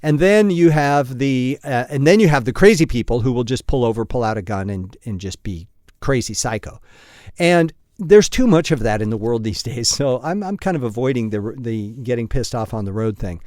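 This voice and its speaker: A man's voice: mid-range voice, animated, normal speed, a little mellow, no room sound, studio quality. Profane, chuckling male podcast host. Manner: blunt and profane, with frequent chuckles; self-deprecating storyteller. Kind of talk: casual solo podcast monologue.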